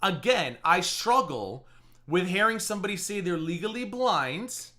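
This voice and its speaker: A man's voice: high voice, animated, a little slow, bright, forceful tone. A man hosting a live reaction stream, talking in a sarcastic, mocking and exasperated way. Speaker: live-stream commentary host.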